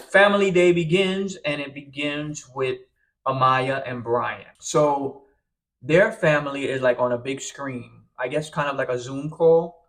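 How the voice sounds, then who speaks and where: A young man casually recapping a reality show episode, chatty and tired, sometimes acting out quotes. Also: medium pitch. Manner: chatty, animated, acts out quotes.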